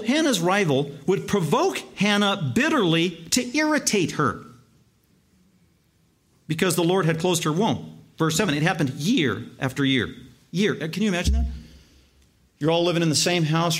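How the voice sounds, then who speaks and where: A man preaching a sermon, emphatic, stacking repeated words into long lists and slowing down to stress key words. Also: fairly high pitch. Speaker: pastor.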